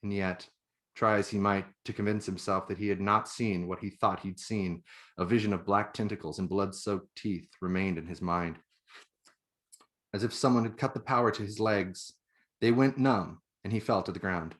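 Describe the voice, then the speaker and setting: Deep-voiced man reading his novel. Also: steady tone, normal speed, fairly bright tone. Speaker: author.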